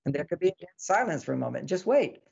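The voice is a man's, on the high side, fast, creaky and slightly rough, with the top frequencies cut off. In interview talk this author guest teaches his ideas, repeats lists and animatedly plays out bits of dialogue.

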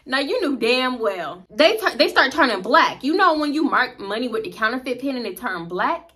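A young woman in her twenties tells a profane work story in an animated, chatty way. Her voice sits high, and she keeps a moderate pace with few pauses.

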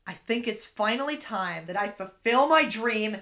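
A woman's voice: on the high side, expressive, moderate pace, a bit bright. A woman giving a casual, enthusiastic movie review as a video creator, playful in her delivery.

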